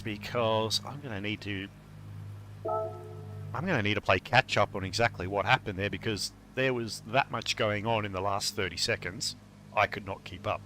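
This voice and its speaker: A man giving live sim racing commentary, calling laps quickly and excitedly. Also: fairly low pitch. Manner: quick, excitable lap-by-lap calls. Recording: noisy with race car sounds behind. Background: race car engine noise.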